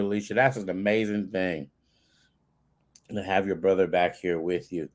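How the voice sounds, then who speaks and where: A man co-hosting a casual talk show, excitable and quick to squeal or tear up. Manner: excitable, bursts into high squeals and near tears. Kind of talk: casual chat.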